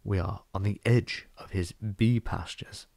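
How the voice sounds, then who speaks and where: A man voicing a calm, courteous old male wizard in a storybook reading, speaking in a measured, polite way. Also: on the low side, gravelly, dry recording, studio quality.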